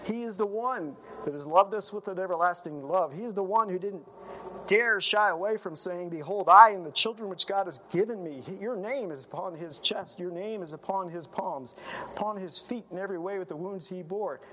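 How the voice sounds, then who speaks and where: A man's voice: sits high, normal speed, pushed and bright, slight background noise, rough recording. A man preaching a sermon in an earnest, emphatic manner, often letting his phrases trail off.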